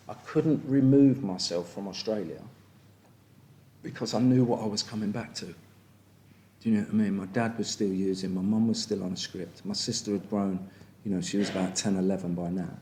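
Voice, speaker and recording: A man's voice: lowish voice, steady tone, normal speed, dark tone. An English man in his fifties giving a frank personal share at a recovery meeting, bluntly asking "do you know what I mean" again and again. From England. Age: 50s. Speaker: speaker sharing at a recovery meeting.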